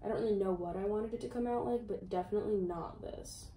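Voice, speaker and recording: A woman's voice: medium pitch, fast, warm tone, a little hiss or hum. A young woman chatting casually in a home vlog, rambling and poking fun at herself. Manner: chatty, self-mocking, rambling. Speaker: YouTuber.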